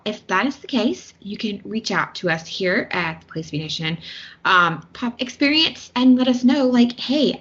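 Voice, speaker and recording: A woman with a Southern American accent, co-hosting a podcast in casual, chatty talk with many fillers. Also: a little high. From Southern United States. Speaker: podcast co-host. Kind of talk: casual chat. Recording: slightly dull lo-fi audio.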